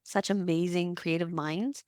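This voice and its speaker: A woman in her thirties, a guest on an interview, telling lively stories, laughing often and acting out what people said. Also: fairly low pitch, measured pace, no echo. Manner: animated storytelling, laughs often, acts out quotes. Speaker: guest, occupational therapist. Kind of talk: casual interview chat.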